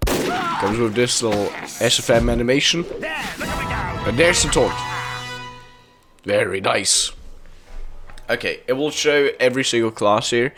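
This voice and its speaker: A man's voice: mid-range voice, sing-song, measured pace, pauses often, fairly bright tone, soft background music. A young man casually commenting on video game items, chatty and enthusiastic, often laughing.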